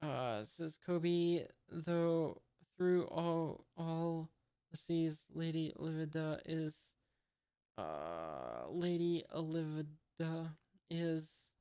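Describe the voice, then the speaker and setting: A reader casually reading a comic aloud, hesitant with many "uh"s, even reading out the punctuation marks. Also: medium pitch, drawn-out words, smooth. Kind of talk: casual read-aloud commentary.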